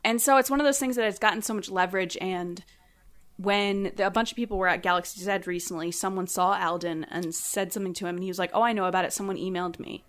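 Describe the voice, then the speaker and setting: A woman guest on a casual podcast, telling a story with animated energy and acting out quotes in a raised voice. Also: medium pitch, fast talker.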